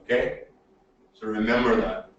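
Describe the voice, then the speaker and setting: A man's voice: fairly low pitch, normal speed, recorded from a distance, dull audio, slight background noise. Emphatic man lecturing in an echoey room. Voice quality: animated, swings loud and soft. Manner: emphatic, repeats "okay?" to check in. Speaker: presentation skills trainer. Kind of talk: webinar lecture.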